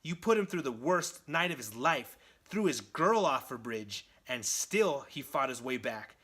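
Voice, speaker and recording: A man's voice: mid-range voice, big pitch swings, measured pace, bright, forceful tone, breathy edge, exaggerated voice. A man voicing a defiant captive who taunts a villain, in a raised, scornful voice.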